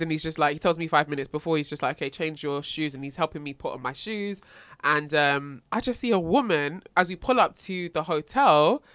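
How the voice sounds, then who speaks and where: Animated young woman telling a story. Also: deep voice, clean tone, no room sound. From Nigerian heritage. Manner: animated storyteller, quotes herself, laughs often. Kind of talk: casual chat.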